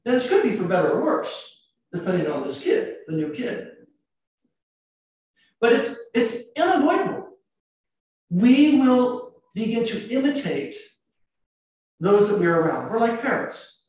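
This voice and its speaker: A man's voice: extremely high pitch, very animated, a little slow, pauses often, a little mellow. A man with an American accent, a priest giving a conversational sermon full of anecdotes and rhetorical questions. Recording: echoey church, mic at a distance.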